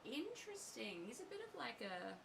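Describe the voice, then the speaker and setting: A woman's voice: on the low side, expressive, fairly quick, gravelly, background noise. A woman chatting casually and dryly with a stream host. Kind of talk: casual chat.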